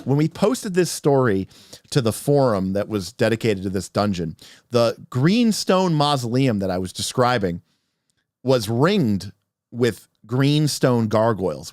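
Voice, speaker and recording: A man narrating a tabletop game story on a livestream as game master, animated and rambling with restarts. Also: mid-range voice, no echo, studio quality.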